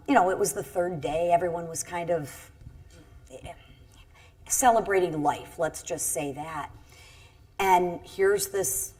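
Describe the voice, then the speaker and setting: A middle-aged woman, a congresswoman, telling a personal story on a panel in an earnest, halting way with many restarts. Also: lowish voice, a little mellow, slightly rough. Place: event stage.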